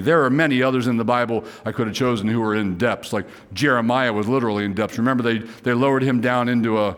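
A man's voice: mid-range voice, brisk, few pauses. A man preaching a sermon in an earnest way, rising to fervent pleas when voicing prayers and often repeating words as he goes. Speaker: pastor.

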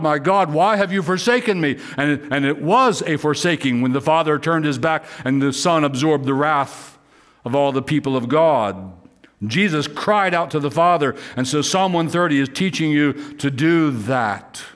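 Male pastor, fervent sermon delivery, somewhat high voice, repeats himself as he presses a point. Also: moderate pace, fairly bright tone. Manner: earnest preaching, rising to fervent pleas in quoted prayers; repeats and restarts words while preaching.

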